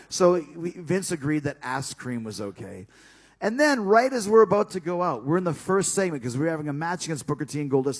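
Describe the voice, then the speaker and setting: A man casually telling a backstage story, animated and profane, acting out the other people's lines. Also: a little high. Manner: animated and profane, acts out dialogue.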